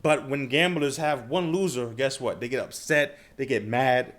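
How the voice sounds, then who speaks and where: A man's voice: mid-range voice, normal speed, a bit bright. A man talks casually to his viewers about trading, with a plain voice in the middle range. He keeps checking in with little questions as he goes. His talk is loose and unscripted. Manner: conversational, frequent filler questions like "okay?" and "right?". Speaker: trading channel host.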